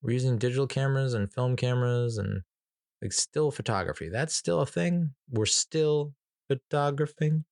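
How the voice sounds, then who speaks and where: A man's voice: mid-range voice, moderate pace, gravelly, darkish tone, no room sound, studio quality. Man rambling through a casual movie review. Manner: rambling, profane, lots of fillers and restarts; laughs at his own jokes. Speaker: movie reviewer, podcast host.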